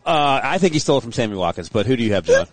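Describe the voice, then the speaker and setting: A man co-hosting a sports podcast, teasing the others with quick comebacks. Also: medium pitch, very animated, dry recording, faint music behind. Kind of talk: casual sports banter.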